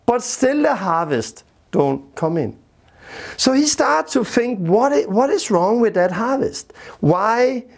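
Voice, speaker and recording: A man teaching a Bible lesson verse by verse, speaking in simple, repetitive phrases with frequent grammar slips and steady emphasis. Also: high-pitched.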